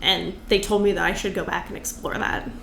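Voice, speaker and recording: A woman's voice: on the low side, a little fast, creaky. A woman stand-up comedian, a podcast guest, talking casually and animatedly about comedy. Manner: animated, acts out other comics' cadences. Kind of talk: casual conversation. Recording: roomy with faint noise.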